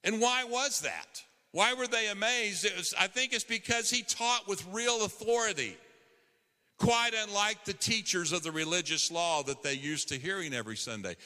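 A man's voice: high voice, normal speed, sharp tone. A man preaching a sermon as a pastor, emphatic and conversational, rising on key phrases. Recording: long hall reverb.

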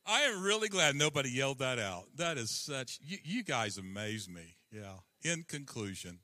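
A man's voice: mid-range voice, sharp tone, no room sound. A man preaching a sermon in a playful, chuckling way, then reading a children's story aloud.

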